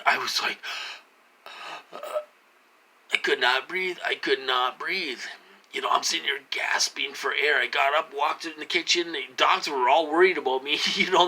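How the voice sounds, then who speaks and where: A man talking casually to his viewers in a rambling, agitated way, with many fillers and restarts, dropping to low mutters and rising to loud emphatic outbursts. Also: low-quality recording. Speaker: vlogger addressing viewers. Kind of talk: casual monologue to camera.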